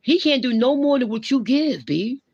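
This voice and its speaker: A woman's voice: high voice, lively intonation, moderate pace, darkish tone, breathy edge, no echo, lo-fi sound. A woman hosting a livestream, ranting and scolding in blunt, slang-heavy talk with a lecturing tone. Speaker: livestream host. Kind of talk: ranting live commentary.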